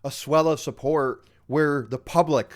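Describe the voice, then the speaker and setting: A man co-hosting a casual true-crime podcast chat, talking in an animated way and acting out the people he quotes. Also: fairly high pitch, a little slow. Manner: animated, acts out quoted people in put-on voices. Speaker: podcast co-host.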